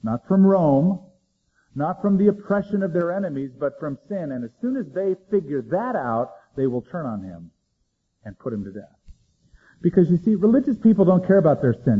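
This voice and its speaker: Man, pastor, sermon, husky, dramatic loud-and-hushed delivery, tinny narrow sound. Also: big pitch swings, brisk. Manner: dramatic, swings between loud emphasis and hushed low lines.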